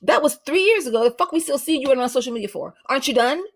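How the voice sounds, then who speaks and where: A woman's voice: high voice, animated, fast talker. A woman hosting a livestream reaction, ranting bluntly and profanely in casual commentary with mocking asides. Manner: does mocking voices of others.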